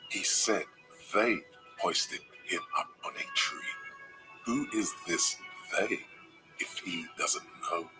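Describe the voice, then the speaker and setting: A man narrating a video game in a measured, wry scripted voice. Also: low voice, over music, poor audio.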